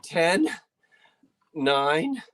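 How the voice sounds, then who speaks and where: A woman's voice: low-pitched, big pitch swings, drawn-out words. A folksy woman hosts a live antiques sale from her decorated living room. She chats easily, trails off mid-sentence and circles back while showing each item. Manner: chatty, folksy, trails off and restarts while describing items. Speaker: online antiques auction host. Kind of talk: live sale stream presenting.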